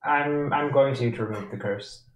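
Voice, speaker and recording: A man's voice: medium pitch, moderate pace. Hesitant man player, stammers, roomy echo, faint hiss. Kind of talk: tabletop game play. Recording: echoey room, faint noise.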